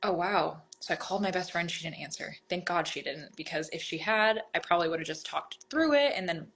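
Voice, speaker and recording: A woman guest in a candid conversation, telling her own story in an open, animated way. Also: on the low side, fast talker.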